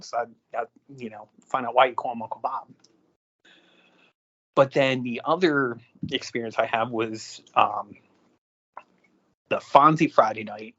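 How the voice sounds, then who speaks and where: A man's voice: mid-range voice, moderate pace, pauses often. A man co-hosting a podcast, telling casual anecdotes and acting out what people said. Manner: animated anecdotes, acts out quotes. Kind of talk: casual storytelling. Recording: dull lo-fi audio.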